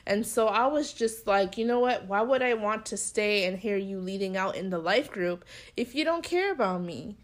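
With a medium-pitched voice, a moderate pace, and few pauses, a young woman co-hosting a podcast tells a story in casual conversation, animatedly playing the people she quotes.

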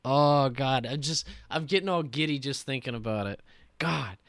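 A man ranting excitedly on a casual gaming podcast, swearing often. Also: medium pitch, normal speed, no echo, studio quality. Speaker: podcast co-host.

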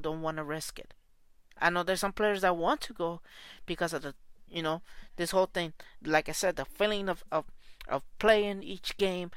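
Forceful, heated man ranting. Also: on the high side, clear, resonant tone, no echo. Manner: profane, repetitive, heated. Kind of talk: angry spoken rant.

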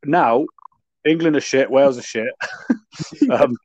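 A man's voice: medium pitch, slow pace, a little mellow, no echo. A man co-hosting a casual sports chat, blunt and bantering, swearing casually. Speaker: podcast co-host. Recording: dull lo-fi dry recording.

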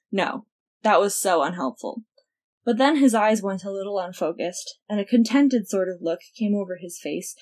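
A woman narrating fiction aloud in a wry, expressive storytelling manner. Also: mid-range voice. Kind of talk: audiobook fiction reading.

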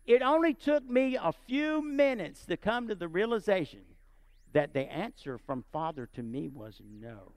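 Animated high-voiced preacher man. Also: moderate pace, no echo. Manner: animated, asks the audience often. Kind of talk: sermon storytelling.

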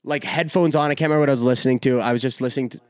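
A man's voice: medium pitch, fairly even intonation, racing, clean tone, no echo. Young man, casual podcast chat, rambling profane story, dry sound. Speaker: podcast host.

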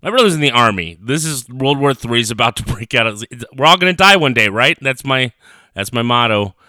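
A man's voice: mid-range voice, animated, a little fast, bright, forceful tone, no echo, clean studio sound. A young man hosting his own podcast from his parents' kitchen, rambling and swearing in a heated rant. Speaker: podcast host. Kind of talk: casual solo podcast rant. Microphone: home recorder on a computer.

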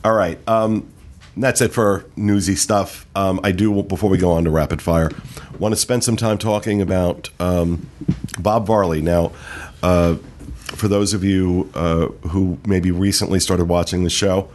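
A man hosting a casual podcast, reading out park news in a relaxed way with many fillers. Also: deep voice, a little slow, a little hiss or hum. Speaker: podcast host. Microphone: studio mic.

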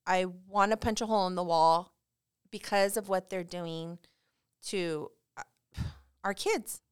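A woman's voice: fairly low pitch, unhurried, clear, resonant tone, dry recording, clean studio sound. A woman from California co-hosting a podcast, talking in a heated, emotional, outspoken way. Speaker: podcast co-host. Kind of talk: casual chat.

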